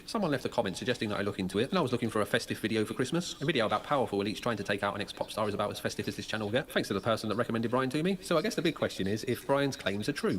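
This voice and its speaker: A man's voice: mid-range voice, slight background noise. A man narrating a video script in a dry, matter-of-fact way.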